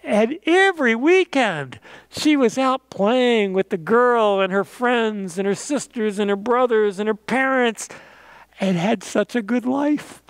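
A pastor telling a children's message story and ending in prayer, gentle and animated with playful sound effects. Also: male voice, extremely high pitch, measured pace, clear, resonant tone, no room sound.

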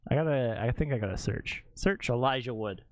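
A man's voice: medium pitch, fairly quick. A young man casually chatting on a live stream, laughing often and talking to himself.

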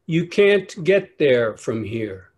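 A man voicing a simple young country boy who talks in a slow, folksy drawl. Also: a little high, animated, dark tone, pitched above the performer's own voice. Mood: calm. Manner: drawling, folksy, plain-spoken.

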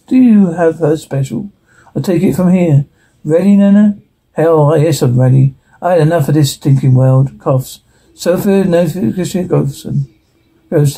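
Gravelly, husky man reading a script. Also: a little high, mellow. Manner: reads every part and stage direction in one voice, with stumbles and restarts. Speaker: solo reader voicing all parts and sound cues. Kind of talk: reading a TV script aloud with sound cues.

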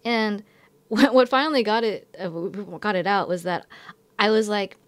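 A woman's voice: mid-range voice, moderate pace, no room sound. A young woman who teaches in Japan, telling a story in a casual vlog, rambling and filling her talk with "like" and self-corrections.

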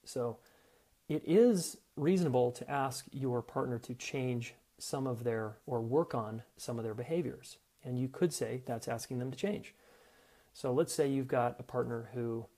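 A man's voice: mid-range voice, measured pace, dark tone. A middle-aged man hosting a relationship advice podcast, talking frankly and casually and acting out what partners might say to each other. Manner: frank and conversational, acts out quoted partners. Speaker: podcast host and relationship coach.

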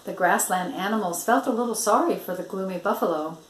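An older woman, a grandmother, reading a picture book aloud in an expressive storytelling manner. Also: mid-range voice, brisk, slight background noise. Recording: roomy echo.

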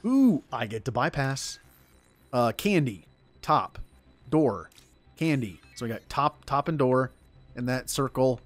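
A man's voice: mid-range voice, expressive, slow, long pauses, faint music behind. Rambling self-deprecating male game streamer. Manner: rambling, self-deprecating chatter over gameplay. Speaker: gaming streamer. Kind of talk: casual let's-play commentary.

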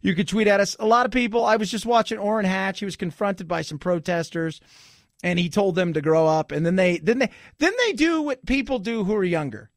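A man's voice: high voice, fairly quick, no room sound, studio quality. A middle-aged man hosting a radio talk show, chatting casually with joking, sarcastic asides. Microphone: studio microphone.

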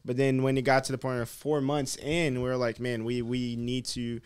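A man in a casual podcast chat, telling a personal story in a relaxed, hesitant way. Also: medium pitch, normal speed, smooth. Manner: relaxed, hesitant, many fillers and restarts. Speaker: podcast host.

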